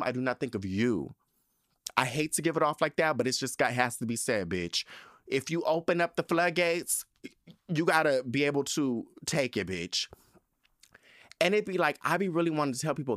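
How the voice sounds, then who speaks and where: A man's voice: medium pitch, a bit bright, no echo, clean studio sound. A man hosting a podcast, ranting in a sassy, profane, emphatic casual monologue. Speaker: podcast host.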